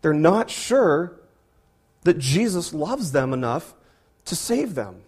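A pastor preaching a sermon, animated and full of rhetorical questions, often repeating words as he goes. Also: on the high side, slow, slightly rough.

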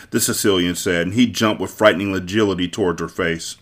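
A man hosting a podcast, reading a novel aloud with expressive, theatrical storytelling. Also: low voice, quick pace. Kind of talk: dramatic read-aloud narration.

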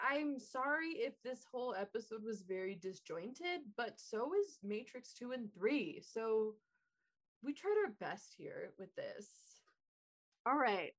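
A woman co-hosting a movie podcast in casual chat, chatty and self-deprecating. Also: mid-range voice. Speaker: podcast co-host.

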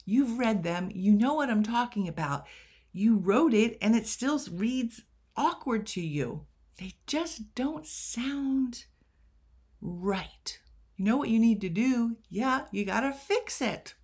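A young woman talks through her editing checklist at an unhurried pace. Her tone is chatty, and she keeps asking rhetorical questions and making self-deprecating asides. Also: a little high, animated, darkish tone, breathy edge. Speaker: writing coach. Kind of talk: casual editing tutorial.

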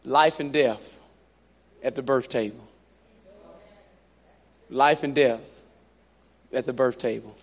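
A man preaching a sermon, animated and repetitive, with playful asides. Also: medium pitch, slow pace, pauses often. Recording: dull lo-fi recording.

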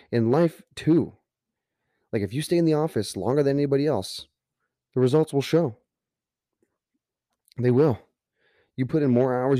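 A man's voice: mid-range voice, mellow, no echo, studio quality. A man hosting a podcast, telling a personal story in an earnest way that builds to emphatic motivational points. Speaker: podcast host.

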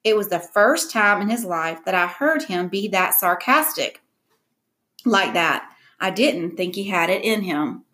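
Woman narrating an audiobook, mid-pitched. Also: animated, unhurried, sharp tone. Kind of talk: first-person audiobook narration.

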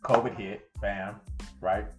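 A man co-hosting a podcast in casual chat, teasing his friends loudly and laughing often with plenty of swearing. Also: lowish voice, steady tone, loud music behind the voice. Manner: teasing, loud, quick to laugh, profane.

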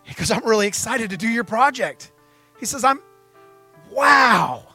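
Young guy preaching, high bright voice, acts out all the dialogue in his story, faint music underneath. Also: a little slow, slightly rough. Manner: animated storyteller acting out dialogue. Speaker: pastor. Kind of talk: sermon storytelling.

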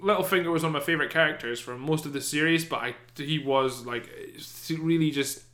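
A man chatting casually as a podcast co-host, animated and swearing, often acting out characters in silly voices. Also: on the high side, fairly quick. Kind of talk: casual chat. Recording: echoey room.

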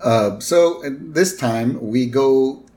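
A man's voice: mid-range voice, animated, slow, darkish tone. A man co-hosting a podcast, recapping a cartoon episode in a chatty way and often checking in with "right?". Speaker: podcast co-host.

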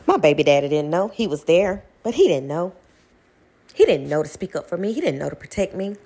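A young woman, telling a personal story to her viewers in a blunt, animated way, swearing freely. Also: fairly low pitch, a little fast.

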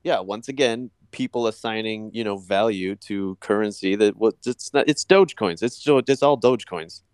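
A man joking crudely and deadpan as a guest in a casual group chat. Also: on the low side, normal speed, clean tone, dry recording, studio quality. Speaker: podcast guest.

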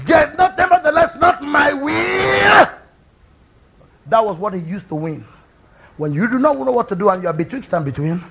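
Fervent preacher, high gravelly voice. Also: male voice. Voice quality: high, gravelly and husky, with shouted peaks. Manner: fervent preaching, swings from quiet to loud cries. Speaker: pastor. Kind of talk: sermon.

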